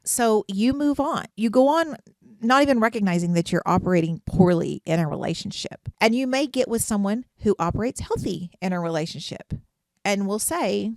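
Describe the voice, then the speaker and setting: A woman's voice: medium pitch, normal speed, darkish tone, no echo, clean studio sound. A middle-aged woman, a therapist hosting a podcast, talking earnestly about relationships, asking rhetorical questions and restarting her sentences as she goes. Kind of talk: casual advice podcast monologue.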